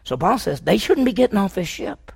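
A man's voice: high voice, big pitch swings, fairly quick, creaky, darkish tone, slightly rough. A man preaching a sermon on a Bible passage, asking his listeners questions and acting out what people said. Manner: asks the audience questions, acts out quotes.

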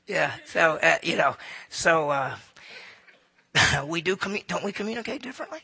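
A man gives a folksy, humorous talk to a live audience. His voice is high and bright, with a gravelly, husky edge. He keeps the crowd involved by asking them questions. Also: wildly swooping pitch, slow pace, long pauses. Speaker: speaker addressing an audience.

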